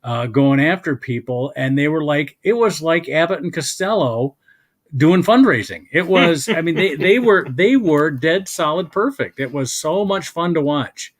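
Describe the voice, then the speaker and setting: A man's voice: a little high, expressive, normal speed. An older man hosting a casual chat, rambling as he tells old stories and hunts for names. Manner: rambling, gets lost hunting for names. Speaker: host.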